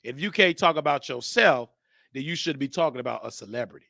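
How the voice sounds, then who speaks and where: A man's voice: a little high, expressive, brisk, creaky, sharp tone, no echo, clean studio sound. A man hosting his own show, talking casually and rambling, joking and thinking aloud as he goes. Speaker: show host. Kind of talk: casual live-stream monologue.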